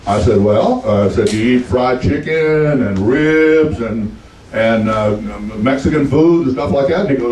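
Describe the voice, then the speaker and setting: A man's voice: medium pitch, moderate pace, darkish tone, echoey room, far from the mic, a little hiss or hum, rough recording. A man in his seventies with a Texan accent, doing stand-up and telling folksy stories in a drawl, voicing the people in them. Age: 70s. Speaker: stand-up comedian. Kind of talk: stand-up storytelling.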